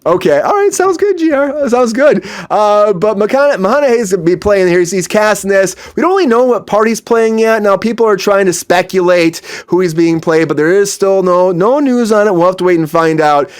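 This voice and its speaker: A man's voice: sits high, moderate pace, hardly any pauses, clean tone. A man hosting an entertainment news show, chatting casually in a rambling way that repeats itself. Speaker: host.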